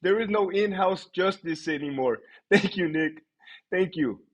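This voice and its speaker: A man's voice: high-pitched, unhurried, very noisy. A man telling a story on a live stream, swearing freely and laughing often. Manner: animated, profane, laughs often. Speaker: livestream host.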